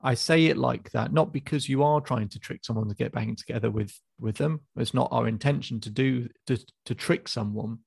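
A man coaching a client in a calm, probing session over a call, with frequent restarts. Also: mid-range voice, brisk, gravelly, hardly any pauses, slightly rough, no room sound. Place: video call.

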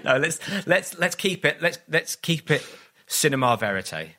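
A man in casual podcast conversation, rambling with restarts and slipping into little acted-out quotes. His voice has a bright, forward edge. He sounds self-deprecating and open. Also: a little high, sing-song, measured pace. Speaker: comedian guest.

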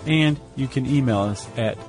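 A man's voice: medium pitch, moderate pace, darkish tone, soft background music. A man co-hosting a podcast, bantering in a friendly, wry way. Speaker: podcast co-host. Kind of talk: casual podcast chat.

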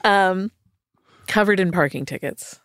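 A woman's voice: medium pitch, measured pace, fairly bright tone, no echo. Playful woman telling a story, dry mic. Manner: playful, puts on silly voices for quotes. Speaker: podcast co-host telling a true crime story. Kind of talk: casual comedic storytelling chat.

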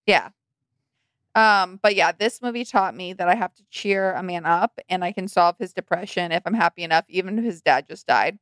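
A woman's voice: on the low side, normal speed, fairly bright tone, no echo, studio quality. A woman co-hosting a podcast, telling wry, exasperated stories in casual chat about movies. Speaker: podcast co-host.

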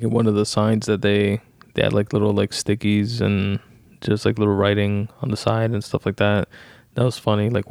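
Dry, gravelly low-voiced man. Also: a little mellow, dry recording. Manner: dry, sarcastic, swearing, many fillers. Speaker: vlogger. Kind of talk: casual movie review chat.

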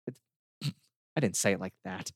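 Brief: man, lower voice, relaxed podcast co-host, dry close sound, chatty with fillers. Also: normal speed, breathy edge, dry recording. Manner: easygoing, laughs often, many fillers. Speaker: podcast co-host reviewing games. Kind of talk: casual chat.

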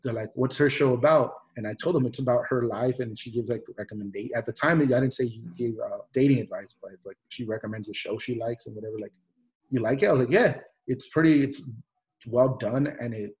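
A man's voice: mid-range voice, brisk, a little mellow, poor audio. A man hosting a podcast, chatting loosely with many restarts, fillers and some swearing. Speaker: podcast host. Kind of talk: casual podcast chat.

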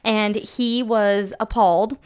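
A young woman co-hosting a podcast in casual chat, talking fast with fillers and frequent giggles. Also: mid-range voice, steady tone, clear, resonant tone. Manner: chatty, giggly, trailing fillers. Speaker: podcast co-host.

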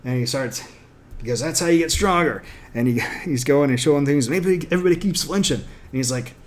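A man's voice: fairly high pitch, a little fast. A man casually retelling scenes from a show in an emphatic, irreverent way, slipping into acted quotes of the characters.

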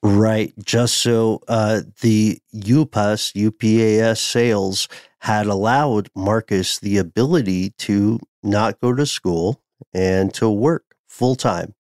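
A man with a fairly low voice tells a story to his co-host in casual podcast chat. He talks very slowly and pauses on uhs as he gathers his thoughts. The sound is dry and close. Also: a little mellow, dry recording. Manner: unhurried, hesitant with uhs.

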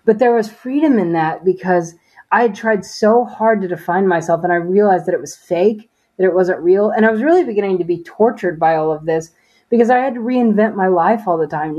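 Warm and mid-range, a woman's voice comes through on dull audio. Speaking as an interview guest, she tells her faith testimony conversationally in an earnest, story-driven way, peppered with "you know" and "like".

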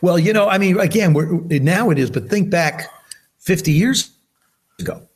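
His voice is high with a breathy edge, moving at a moderate pace. He's in his seventies, from New Jersey, and as a podcast guest he tells stories in relaxed chat while acting out the voices of those involved.

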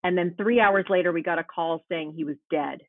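A woman's voice: fairly low pitch, a little fast, dry recording. A woman guest in an interview, earnestly recounting a painful personal story. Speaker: guest, meteorologist. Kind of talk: remote interview, personal account. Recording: tinny phone-line sound.

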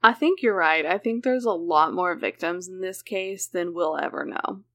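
A woman's voice: lowish voice, normal speed, a bit bright. A woman casually recounting a true crime case as a podcast host, mixing read details with chatty asides. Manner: conversational, reading case details with frequent "like".

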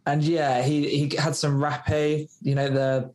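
A man's voice: on the high side, level tone, measured pace, a little mellow. Rambling man telling a story. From United Kingdom. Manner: loose, rambling storytelling with many fillers, acting out quoted dialogue. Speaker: podcast guest. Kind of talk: storytelling in a casual interview.

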